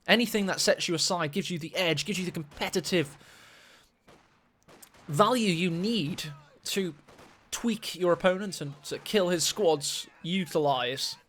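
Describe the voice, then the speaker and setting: A man casting a strategy game match, excitable and quick to gasp at big plays. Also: high voice. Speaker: esports caster. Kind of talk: live game commentary.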